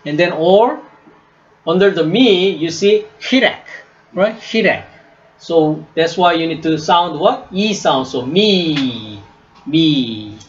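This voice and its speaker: A man teaching a class, speaking slowly, repeating each word and checking "right?" with his students. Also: a little high, muffled recording. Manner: slow, repeats words and asks "right?" often. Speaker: Hebrew teacher. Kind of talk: classroom lesson.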